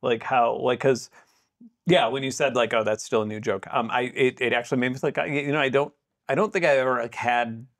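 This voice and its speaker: A man's voice: medium pitch, vocal fry, fairly bright tone. Hesitant man hosting a podcast. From United States. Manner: halting, many fillers and restarts while asking questions. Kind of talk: casual podcast chat.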